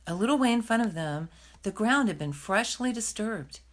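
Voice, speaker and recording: A woman reading a novel aloud in a gentle, plain storytelling manner. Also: medium pitch, animated, normal speed. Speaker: reader.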